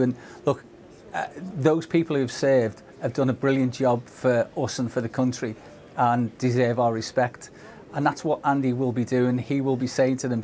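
A man with a Scouse accent, talking as a guest in a live interview. He speaks earnestly in a mid-pitched voice, often pausing and repeating words as he gathers his thoughts. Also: dark tone. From Liverpool. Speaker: political guest.

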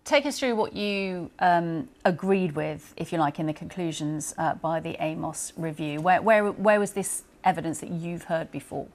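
A woman presents the news in a low, measured voice. She moves from reading the bulletin into questioning a guest, pausing on fillers as she frames her questions. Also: a little mellow. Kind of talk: broadcast news presenting and interviewing.

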